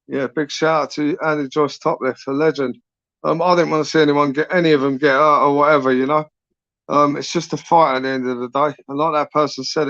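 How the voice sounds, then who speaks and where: A man's voice: a little high, fairly bright tone, dry recording, lo-fi sound. A man, hosting his channel in a casual live chat, rambling and swearing with lots of tag questions. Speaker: YouTube channel host.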